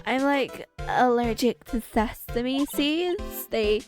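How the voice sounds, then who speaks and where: A woman putting on a slow ditzy American girl. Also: a little high, animated, soft background music. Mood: airheaded. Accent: American, put on. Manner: airheaded, peppered with "like". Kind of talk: game dialogue read aloud.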